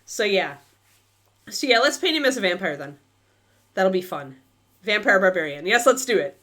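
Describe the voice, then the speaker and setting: Donna chiacchierona dalla voce molto mobile. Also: female voice, medium pitch, sing-song, moderate pace, a bit bright. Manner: chatty, thinks aloud, many fillers, talks to her dog. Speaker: miniature painting livestream host. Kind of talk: casual chat while painting on a livestream.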